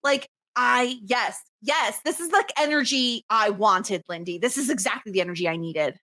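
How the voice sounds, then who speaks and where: A woman's voice: on the high side, normal speed. A woman co-hosting a podcast, recapping scenes in casual chat with frequent laughter. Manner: animated, laughs often while recapping. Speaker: podcast co-host.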